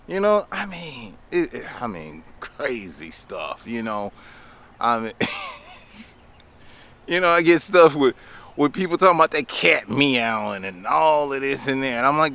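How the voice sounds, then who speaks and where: A man talks straight to his viewers, loose and chatty, chuckling as he goes. His voice is bright and forceful, at a middle pitch. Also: sing-song, unhurried. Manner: chatty, laughing, addresses viewers as y'all. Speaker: lawn care business owner. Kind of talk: casual storytelling vlog.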